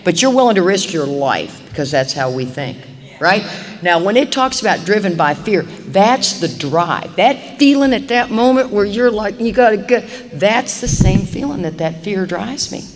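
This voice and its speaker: A middle-aged woman giving a recovery talk to a live meeting audience, animated and acting out little dialogues as she goes. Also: medium pitch, normal speed. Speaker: AA meeting speaker. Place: meeting hall. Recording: reverberant live hall recording, faint hiss.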